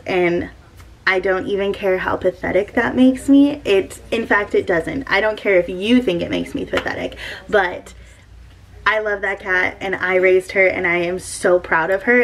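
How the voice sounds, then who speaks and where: A woman's voice: mid-range voice, low-quality recording. A young woman, vlogging about her cat in an emotional, gushing way, with many filler words. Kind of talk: casual personal vlog.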